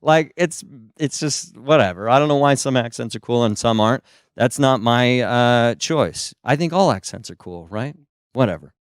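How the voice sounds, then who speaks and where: Animated man doing stand-up. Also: moderate pace, clear, resonant tone, no room sound, studio quality. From United States. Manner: animated storyteller, pops into high silly voices for quoted people. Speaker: stand-up comedian. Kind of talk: stand-up comedy set. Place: small stage. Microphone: handheld microphone.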